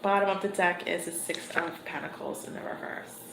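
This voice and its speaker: A woman giving a livestream tarot reading in an unhurried, conversational way, chuckling now and then as she turns cards. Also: fairly low pitch, steady tone, vocal fry. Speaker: tarot reader. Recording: echoey room with background noise.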